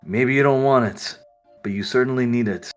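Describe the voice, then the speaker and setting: A man voicing a calm, knowing angelic young man who speaks softly and confidently. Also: medium pitch, moderate pace, soft background music, close to an everyday voice.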